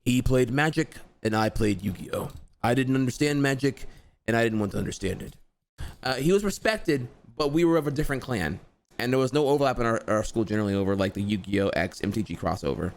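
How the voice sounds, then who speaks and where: A man's voice: medium pitch, lively intonation, fairly quick. A man in his thirties telling a personal story in a casual vlog, rambling and slangy, with lots of restarts and swearing. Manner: chatty and profane, heavy slang and repeated "dude"; rambling, with frequent restarts and filler asides.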